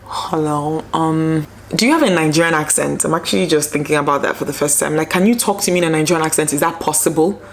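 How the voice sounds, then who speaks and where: A woman with a fairly low voice chats casually to her viewers from home. She rambles a little and fills gaps with ums and likes. A faint hum sits behind her. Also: quick pace, hardly any pauses. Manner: chatty, rambling, many fillers. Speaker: lifestyle vlogger. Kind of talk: casual vlog chat to camera.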